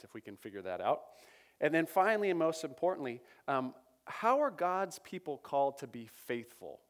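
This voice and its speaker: A man preaching a sermon to his congregation, talking in a conversational, self-correcting and energetic way. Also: mid-range voice. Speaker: pastor. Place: church.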